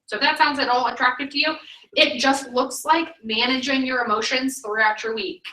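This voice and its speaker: A woman's voice: high voice, steady tone, brisk, sharp tone. A woman in her thirties, a sales director, giving an emphatic, chatty training talk full of "like.". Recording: echoey room, mic at a distance.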